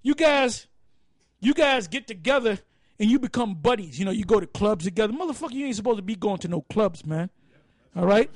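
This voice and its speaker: Brief: man with an extremely high voice, salty forum speaker, dry close sound. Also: brisk, no room sound. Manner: profane, animated storyteller acting out quotes. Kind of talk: casual open-forum talk.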